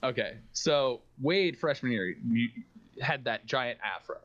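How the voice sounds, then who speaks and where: A man's voice: medium pitch, lively intonation, unhurried, a bit bright. A man rambling through a laughing story, on a muffled stream. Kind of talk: casual chat on a sleepy stream.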